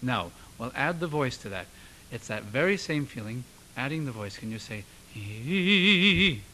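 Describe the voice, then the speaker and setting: A man's voice: mid-range voice, expressive, moderate pace, a little hiss or hum, rough recording. A male voice teacher giving a singing lesson, encouraging and demonstrating sounds for his student. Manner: encouraging, coaching with vocal demonstrations. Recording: loud piano music behind.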